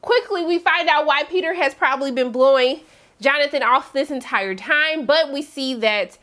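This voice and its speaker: A woman giving a chatty, animated recap of a TV episode, with big swings in her voice and playful asides. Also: sits high, moderate pace. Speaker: TV recap host. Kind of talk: casual TV recap commentary.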